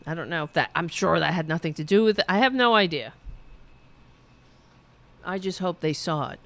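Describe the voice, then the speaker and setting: A woman's voice: lowish voice, animated, normal speed, fairly bright tone. Profane New woman ranting. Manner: profane, sarcastic, heated ranting; reads viewer chat aloud. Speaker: political commentary host. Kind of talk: ranting livestream commentary.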